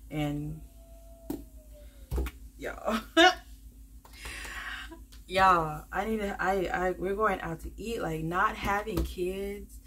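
A woman's voice: lowish voice, drawn-out words, pauses often, fairly bright tone, slight background noise. A woman vlogging in a casual, rambling way. She talks straight to her viewers, fills in with lots of ums and likes, and keeps calling them "y'all.". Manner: rambling, many fillers, calls viewers "y'all". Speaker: budgeting vlogger. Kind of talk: casual chatty vlog to viewers.

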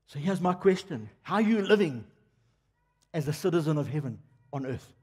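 High, husky preacher. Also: male voice, normal speed, pauses often. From South Africa. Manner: animated, conversational preaching with rhetorical questions. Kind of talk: sermon. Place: church hall. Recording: long reverb of a church hall.

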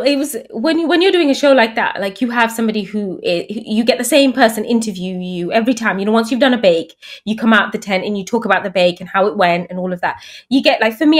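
A woman in her thirties from England, a guest telling stories in casual chat and acting out the voices of the people she quotes. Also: a little high. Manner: animated storyteller, acts out quoted voices.

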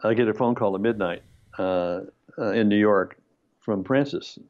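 A man's voice: lowish voice, moderate pace, highs cut off. A man telling a long anecdote as a screenwriter guest in a conversational interview, acting out the voices of people he quotes. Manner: animated storyteller, acts out quoted voices, laughs often.

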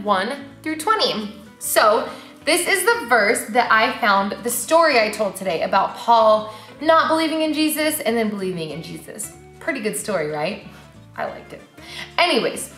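Young woman, preschool church teacher; bright, high voice, roomy echo with faint music behind. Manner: animated, sing-song, asks the kids questions. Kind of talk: children's Bible lesson.

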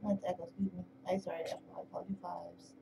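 A woman's voice: on the low side, level tone, fast, vocal fry. A woman sitting kittens indoors, talking to them in cooing baby talk. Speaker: kitten sitter. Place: indoor room with caged kittens. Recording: distant mic with noisy room.

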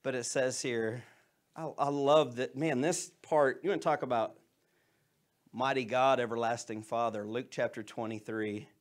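A male pastor preaching a sermon in a church, swinging from loud, emphatic lines to soft, hushed scripture reading. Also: medium pitch, steady tone, normal speed.

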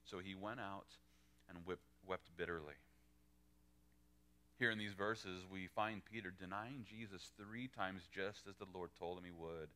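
Male pastor, bright forceful voice, animated sermon delivery, quoted lines acted out. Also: unhurried, smooth. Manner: animated, acts out quoted lines with pitch jumps. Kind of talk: verse-by-verse sermon.

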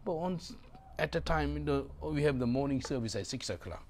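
A middle-aged man, a pastor preaching a sermon in halting, broken English. He drops to low murmurs and then bursts out loudly. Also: lively intonation. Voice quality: gravelly. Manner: swings from low murmurs to loud exclamations.

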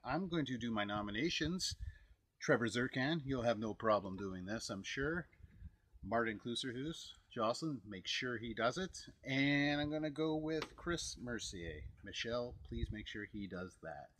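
A man's voice: mid-range voice, animated, moderate pace, fairly bright tone. A young man from Canada, talking to camera outdoors by a lake in a wry, self-mocking way. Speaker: vlogger taking a charity challenge. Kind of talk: casual outdoor video talk.

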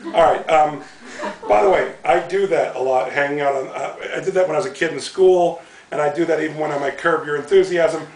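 A high-voiced man reads his book aloud and keeps laughing at his own lines. He sounds roomy and a little distant, as though he was recorded from across a bookstore full of listeners. He talks like a casual, self-amused storyteller. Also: brisk. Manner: amused, breaking into laughter while reading. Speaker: author reading from his book. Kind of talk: book reading with audience Q&A. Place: bookstore in front of a live audience.

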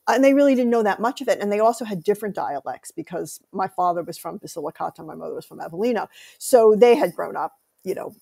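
A middle-aged woman with a gravelly edge to her voice tells family stories in a lively conversational interview. She laughs often. Her pitch sits in the ordinary middle range. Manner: animated storytelling, laughs often. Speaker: author, interview guest.

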